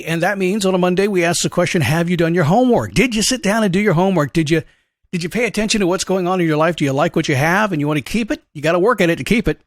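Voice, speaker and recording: A man hosting a motivational show, talking in an energetic, conversational way and acting out questions and a dog's thoughts. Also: fairly high pitch, no room sound, clean studio sound. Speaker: motivational coach and podcast host. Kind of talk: upbeat motivational monologue.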